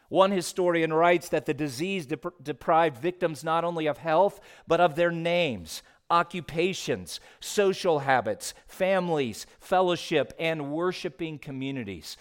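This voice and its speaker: A man preaching a sermon as pastor, moving between hushed and raised passages. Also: a little high, smooth.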